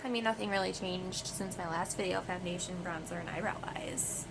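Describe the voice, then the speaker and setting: A woman's voice: fairly low pitch, fairly even intonation, a little fast, creaky. Congested woman chatting through her makeup. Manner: chatty, apologetic, filler-heavy with "like". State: congested, runny nose. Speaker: beauty vlogger. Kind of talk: casual makeup tutorial chat. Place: home, in front of a mirror. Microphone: phone camera. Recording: home phone video with heater noise. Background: central heating hum.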